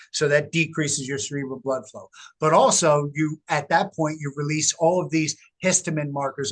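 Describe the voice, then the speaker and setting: A middle-aged man speaks as a guest on an interview, his voice sitting a little higher than most men's. He tells his story in an animated, emphatic way and leans hard on key words. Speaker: guest, researcher. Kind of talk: casual interview talk.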